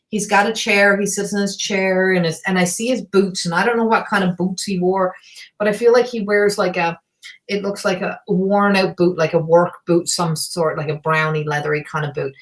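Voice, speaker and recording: A middle-aged woman from Newfoundland hosting live psychic readings, talking in a halting, rambling way full of fillers. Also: mid-range voice.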